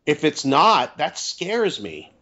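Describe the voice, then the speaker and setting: A man's voice: on the high side, very animated, takes it slowly, pushed and bright. Reflective man rambling in casual chat. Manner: reflective, rambling, self-questioning. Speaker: podcast guest, author and radio host. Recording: dull lo-fi audio.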